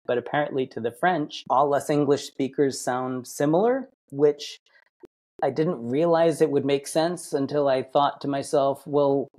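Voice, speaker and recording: A man's voice: medium pitch, a little mellow. A man from Massachusetts, a guest on a podcast, telling stories in a rambling, self-correcting way. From Massachusetts, United States. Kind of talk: casual interview chat.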